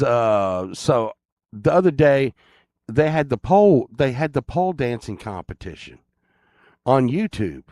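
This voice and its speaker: Slow, rambling man with a lively voice. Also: mid-range voice, no echo, clean studio sound. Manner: rambling and crude, with a joking grumble. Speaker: channel host. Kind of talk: casual rambling chat to viewers.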